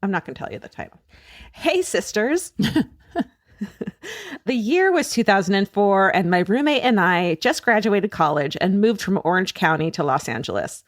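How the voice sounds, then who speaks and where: A woman's voice: medium pitch, moderate pace, no room sound, studio quality. A woman co-hosting a comedic podcast, reading listener stories aloud with lots of laughter and casual swearing. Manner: animated storyteller, laughs often, swears casually.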